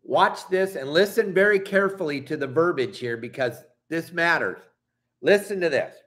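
His voice is fairly high, expressive, and fairly bright, at a normal speed. The middle-aged man, a Southern California fishing channel host, is upset and launches into an angry, emphatic vlog rant full of swearing and apologies.

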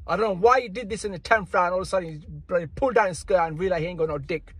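Husky high-voiced man ranting. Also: racing, hardly any pauses, sharp tone, no room sound. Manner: indignant, repetitive, slangy. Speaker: boxing commentator. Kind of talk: casual ranting commentary.

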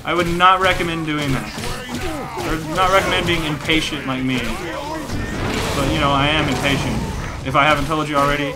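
A man's voice: a little high, heavy background noise. A man giving rambling, joking let's play commentary, breaking into mock rage and laughter. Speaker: gaming commentator. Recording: game music playing behind.

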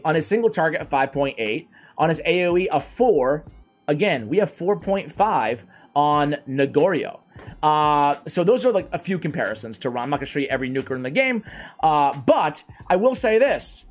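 Male game-guide host, slightly high voice, loose and self-mocking, conversational commentary. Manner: chatty, self-deprecating, rambling asides.

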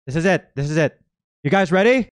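A young man from the Philippines reacting live to a game stream, exclaiming, shouting and swearing as his voice cracks. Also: on the high side, lively intonation, brisk, clean tone. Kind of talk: excited live reaction commentary.

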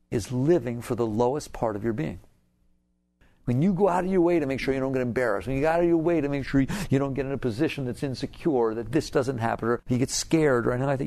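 A man's voice: mid-range voice, gravelly, darkish tone. An older man giving a spiritual talk to an audience, asking rhetorical questions and laughing as he makes his points. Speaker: spiritual teacher.

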